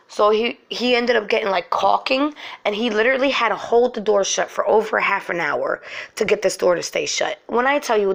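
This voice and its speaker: Woman host, gravelly mid-pitch voice, rambling emotional story w lots of ums. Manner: emotional, animated retelling with fillers. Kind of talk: personal storytelling.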